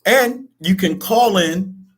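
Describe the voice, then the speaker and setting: A man's voice: high voice, takes it slowly, breathy edge. A man co-hosting a casual radio talk show, who jokes around and tells rambling stories full of slang. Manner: joking, rambling storyteller with slang.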